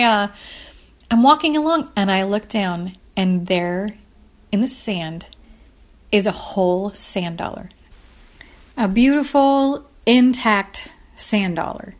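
A woman telling a personal faith story in casual storytelling style, animated and chatty, her voice rising high when excited. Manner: frequent "like" and "you guys".

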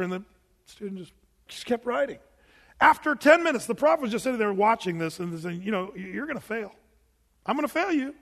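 A man preaching a sermon in a church, telling stories with animated delivery and laughing with the congregation. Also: sits high, in a large hall. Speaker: pastor. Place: church sanctuary.

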